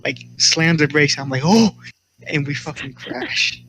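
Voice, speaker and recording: Excitable young man. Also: on the high side, a little slow, a little hiss or hum, low-quality recording. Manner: excited, swearing, acts out quotes. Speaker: podcast co-host. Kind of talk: casual chat.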